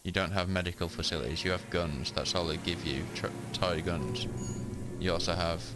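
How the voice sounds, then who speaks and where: Man reading out a grim old deserter, very low voice, bitter and dying, loud music behind. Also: steady tone, normal speed, close to an everyday voice. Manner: read aloud plainly from game text. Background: loud game music.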